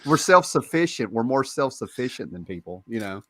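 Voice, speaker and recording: A man's voice: medium pitch, very animated, fairly quick, sharp tone, dry recording. A man from the Cumberland Mountains with an Appalachian accent, hosting a casual podcast chat and rambling through his stories with repeated words. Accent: Appalachian American. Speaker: podcast host.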